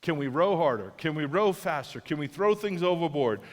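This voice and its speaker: Earnest high-voiced male pastor preaching. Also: expressive, moderate pace, long reverb tail. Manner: earnest, conversational, with frequent restarts. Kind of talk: sermon. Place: large church auditorium.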